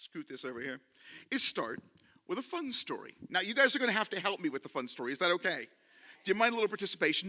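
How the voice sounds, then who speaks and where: A man telling a story live to an audience in a hall, animated and leading them in call-and-response. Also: high voice.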